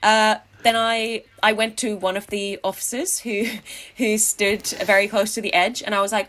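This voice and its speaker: A woman's voice: medium pitch, level tone, moderate pace, fairly bright tone. A young adult woman telling casual anecdotes in an interview, wry and tongue-in-cheek, with frequent fillers and restarts. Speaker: interviewee, activist.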